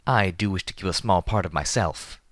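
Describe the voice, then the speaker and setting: A man's voice: deep voice, fairly quick, fairly bright tone, dry recording, studio quality. A man voicing an elegant, regal mare pony who speaks in a prim, genteel way. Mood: gracious.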